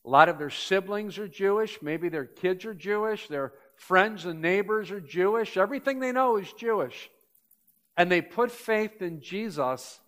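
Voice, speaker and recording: A man's voice: high voice, lively intonation, normal speed, a bit bright. An older man preaching a sermon as pastor in a church, telling stories and building up to emphatic points.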